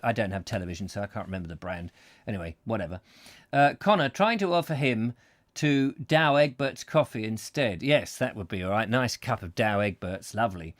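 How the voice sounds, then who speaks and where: Brief: male live-show host, lively up-and-down pitch, thinks aloud, jokes a lot. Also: normal speed. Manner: rambling, jokey, thinking aloud. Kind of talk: live comic chat show.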